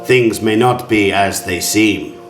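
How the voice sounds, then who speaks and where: A man's voice: on the low side, takes it slowly. A man voicing a chatty, jokey carriage driver and former adventurer, in a wobbly put-on accent. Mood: cheery, warning. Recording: roomy sound with faint music.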